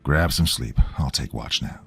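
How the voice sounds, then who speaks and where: A gruff, worn-out military airman with a blunt, clipped way of speaking, as a male storyteller puts him on. His voice sits very deep and low, and he talks at a slow, heavy pace. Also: faint music behind, heavily acted. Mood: weary. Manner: blunt, curt. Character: gruff weary male American airman lieutenant.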